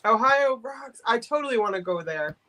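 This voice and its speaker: A woman's voice: a little high, lively intonation, normal speed, pushed and bright, a little hiss or hum, low-quality recording. Joking, chatty woman selling vintage items. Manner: joking, chatty, laughs often. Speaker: host of a live vintage sale. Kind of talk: casual sales chat.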